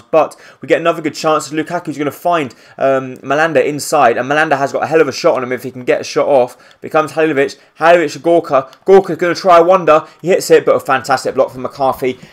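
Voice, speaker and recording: A man commentating his own football video game as he plays, with excitable play-by-play and rambling asides. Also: on the high side. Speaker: gaming YouTuber.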